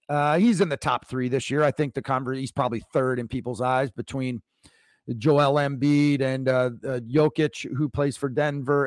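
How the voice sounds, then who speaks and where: A man's voice: medium pitch, no room sound, clean studio sound. A man hosting a coaching podcast, telling a sports story in a rambling, emphatic way with frequent restarts. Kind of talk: solo podcast monologue.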